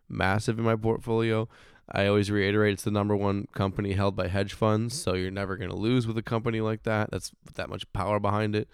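A man in his thirties hosting a casual finance chat, hoarse from losing his voice, rambling and swearing with frequent restarts. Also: fairly low pitch, no echo, studio quality. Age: 30s. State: hoarse, recovering voice. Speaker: podcast host.

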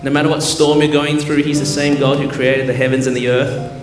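A man preaching a lively, humorous sermon, joking with the crowd and building to loud call-and-response. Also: a little high, brisk. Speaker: pastor. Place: large church hall. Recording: echoey hall with keyboard music.

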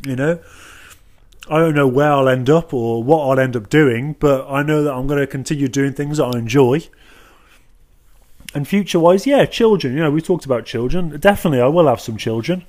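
A man's voice: on the high side, a little fast, darkish tone. Joking young Black Country man. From English Midlands. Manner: joking, rambling, with many fillers and restarts. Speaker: podcast co-host. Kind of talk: casual chat.

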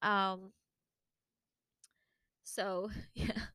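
A young woman hosting a casual solo podcast, chatty and animated, her voice leaping higher whenever she quotes herself. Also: very slow, smooth, no echo. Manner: chatty and animated, jumps to a high voice when quoting herself. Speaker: podcast host.

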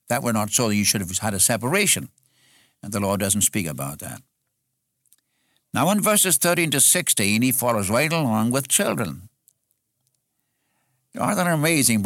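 A man's voice: fairly low pitch, fairly bright tone, no echo, clean studio sound. A man preaching an expository sermon in an earnest way, repeating phrases for emphasis.

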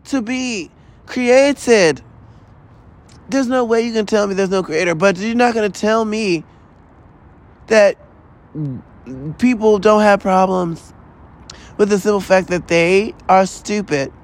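A man with a fairly high voice delivers a rambling solo podcast monologue. He rants in a loose, profane, exasperated way, stacking asides as he goes. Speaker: podcast host.

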